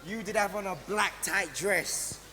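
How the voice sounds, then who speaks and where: A man's voice: high voice, measured pace, sharp tone, big-room sound, a little hiss or hum, heavily acted. A man playing a cocky Jamaican flirt. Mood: flirty. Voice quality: smooth, flirtatious. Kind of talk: live stage comedy.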